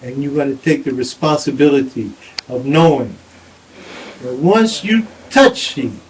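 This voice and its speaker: A man's voice: medium pitch, lively intonation, unhurried, a crowd in the background, low-quality recording. A man addressing the community in a teasing, preachy way.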